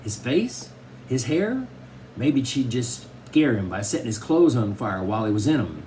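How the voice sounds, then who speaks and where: Male reader for a kids' novel, lively rise and fall, faint hiss behind. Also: medium pitch, normal speed. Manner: expressive storytelling, first-person boy narrator. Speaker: audiobook reader. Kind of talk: reading a children's novel aloud.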